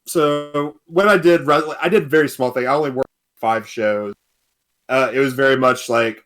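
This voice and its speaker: A man's voice: medium pitch, a bit bright. A young man, a guest on a casual podcast, telling a story with frequent laughs.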